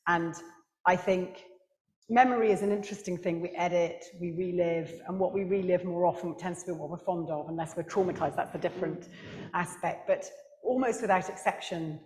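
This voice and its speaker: A woman author speaking on a book festival panel, animated, with quick asides and laughter at her own stories. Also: lowish voice. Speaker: author and historian. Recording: echoey hall with long reverb.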